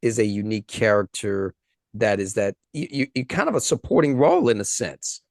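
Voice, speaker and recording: A man's voice: on the low side, sing-song, a little fast, vocal fry, darkish tone, dry recording, clean studio sound. A man hosting a casual interview, responding in an enthusiastic, affirming way. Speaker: host.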